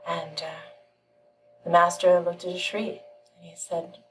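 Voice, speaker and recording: A woman giving a channeled spiritual teaching, telling a parable in a calm, measured way with frequent pauses. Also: on the low side, far from the mic, faint music behind, poor audio.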